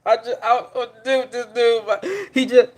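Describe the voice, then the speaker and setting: A podcast host on a live stream speaks in a very high voice, flat and at a moderate pace. He rants about his team's coach, rambling and exasperated, repeating himself and letting sentences trail off.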